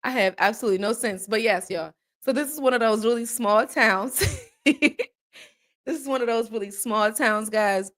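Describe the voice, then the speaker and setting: A woman from the American South hosts a loose, casual chat with her viewers. She talks in an animated, jokey way and swings into exaggerated disbelief. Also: fairly high pitch, moderate pace. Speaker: host.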